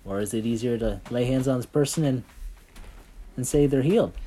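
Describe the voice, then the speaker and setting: A man leading a casual Bible study, telling stories in an animated way and filling his talk with "like" and "right?". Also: mid-range voice, fairly quick, long pauses, slight background noise. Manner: animated storyteller, heavy on fillers like "like" and "right?". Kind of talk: casual faith chat.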